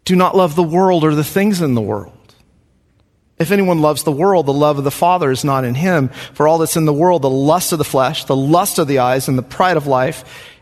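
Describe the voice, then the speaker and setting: A man's voice: on the high side, in a large hall. A man preaching a sermon. He talks earnestly and repeats questions for emphasis. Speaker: pastor.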